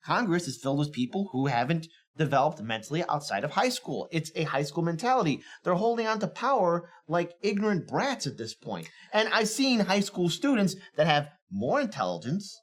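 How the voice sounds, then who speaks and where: A man hosting a political commentary show, heated and mocking, often rising to near shouts. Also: fairly high pitch, big pitch swings, normal speed, few pauses. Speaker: podcast host.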